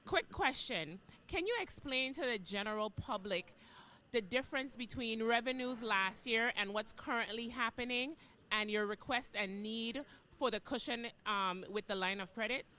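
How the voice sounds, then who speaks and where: A woman calls in to a radio program, her voice high and bright. She asks her question politely and with some hesitation. Faint noise sits behind her. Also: moderate pace. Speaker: caller. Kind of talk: asking a question on air.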